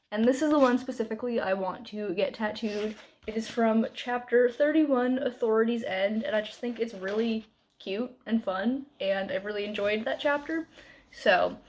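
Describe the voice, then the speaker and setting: Chatty, bright-voiced woman book vlogger. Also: fairly high pitch. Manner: chatty, upbeat, lots of "like" and "um". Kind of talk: casual chat to camera.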